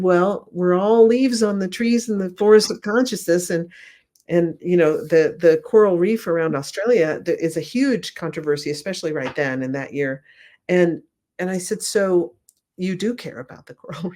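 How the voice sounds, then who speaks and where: Enthusiastic middle-aged woman telling stories. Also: on the low side. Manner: enthusiastic, animated retelling with soft acted quotes. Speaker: remote viewing instructor, guest. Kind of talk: casual storytelling interview.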